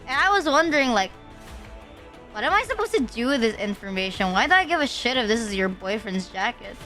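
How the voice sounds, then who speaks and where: Young streamer girl, high bright voice, rambling and swearing a lot, faint music behind. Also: big pitch swings, brisk. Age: young adult. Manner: rambling storytelling, swears often, lots of "like". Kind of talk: casual livestream chat.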